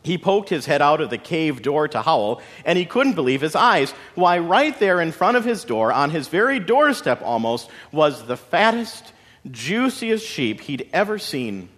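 A man narrating a story in a dramatic, expressive way with folksy asides. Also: on the high side, a little slow. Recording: long hall reverb.

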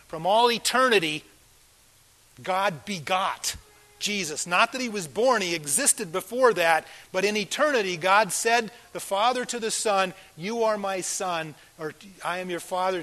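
An older pastor delivering a sermon in a fairly high voice. He talks earnestly, swelling into loud emphatic lines and then sinking to near-hushed asides. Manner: earnest, swings between loud emphasis and soft quiet asides.

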